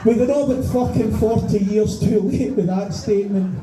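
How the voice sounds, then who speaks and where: On a small bar venue stage, a middle-aged Scottish stand-up comedian rants with profanity and exasperated rhetorical questions. His voice sits high and he speaks at normal speed. Music plays in the background of the echoey bar room.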